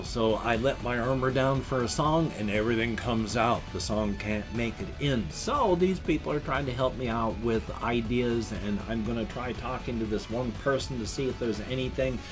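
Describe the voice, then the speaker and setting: A man in his fifties talking casually and emotionally in a rambling vlog monologue. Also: mid-range voice. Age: 50s. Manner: emotional, rambling, talks of crying over animals. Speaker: vlogger.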